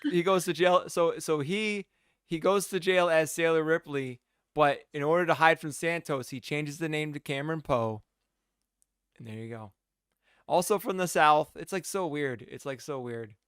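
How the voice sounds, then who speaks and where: A man chats through a film podcast, rambling and trailing off into quiet asides. His voice is smooth and clear and sits a little high. The sound is dry and close. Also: moderate pace, no echo. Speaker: podcast co-host. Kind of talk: casual film discussion chat.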